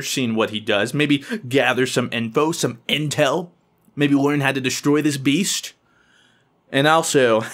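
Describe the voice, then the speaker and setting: To the camera, a young man tells a funny story with excitable energy, often squealing in high-pitched voices as he quotes people.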